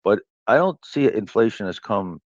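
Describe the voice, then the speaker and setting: A man being interviewed as a trader, thinking aloud in a measured way with fillers and restarts. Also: lowish voice, expressive, no room sound. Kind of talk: reflective interview talk. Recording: dull lo-fi clip played back.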